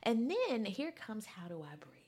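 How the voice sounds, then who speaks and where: Sassy, animated woman with a husky voice. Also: moderate pace. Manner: animated and sassy, dramatic pitch swings, mock-incredulous asides. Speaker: commentator recapping a music event. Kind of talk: casual recap monologue.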